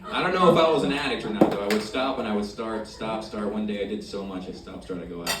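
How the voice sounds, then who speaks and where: A male stand-up comedian working a club crowd with crude, brash material, his delivery jumping between loud punchlines and low mumbled asides. The sound is roomy and distant, with heavy audience noise underneath. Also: fast talker.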